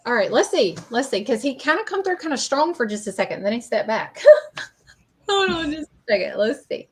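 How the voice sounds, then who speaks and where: A woman talks through a live-streamed reading. Her voice sits a little high, and she rambles, hesitates and fills gaps as she goes. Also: big pitch swings, moderate pace, husky, rough recording. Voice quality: chatty, rambling, hesitant with fillers. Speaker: psychic medium host. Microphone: streaming mic.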